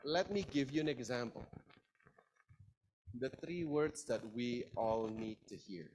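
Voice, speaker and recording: Lively man teaching a class. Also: mid-range voice, measured pace, a little hiss or hum, rough recording. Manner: lively, engaging, asks the audience questions. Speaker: lecturer. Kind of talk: interactive classroom lecture.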